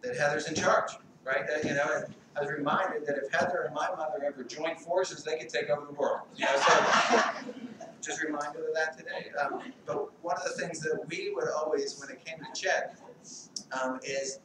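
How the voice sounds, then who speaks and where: A man's voice: fairly high pitch, steady tone. Rambling middle-aged man in echoey hall. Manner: halting, rambling, light humor, many fillers. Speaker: eulogist, family friend. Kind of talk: memorial speech. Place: large hall at a memorial service. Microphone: distant mic. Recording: echoey hall, distant mic, background noise.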